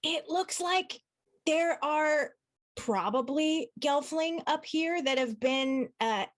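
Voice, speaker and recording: A woman's voice: sits high, expressive, slow pace. A woman playing in a tabletop game, chatting and thinking aloud about her moves. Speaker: player. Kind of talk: casual tabletop play.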